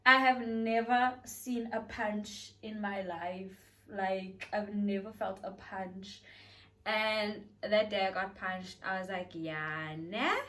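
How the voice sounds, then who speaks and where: A young woman telling a storytime on her vlog, chatty and dramatic. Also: medium pitch. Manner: dramatic, chatty, animated retelling with acted quotes. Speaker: beauty vlogger. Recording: voice a bit far from the mic.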